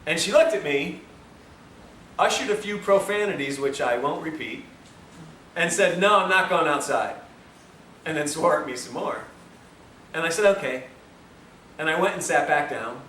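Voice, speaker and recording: A man giving a health lecture, telling a story with a lively, self-mocking manner to a room of listeners. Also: fairly high pitch, normal speed, pauses often. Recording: roomy, distant mic, faint hiss.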